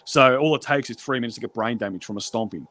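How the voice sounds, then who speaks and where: A man's voice: mid-range voice, fast, a bit bright, no room sound. A man telling prison stories on a stream in a blunt, profane way, acting out the exchanges he quotes. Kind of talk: casual storytelling.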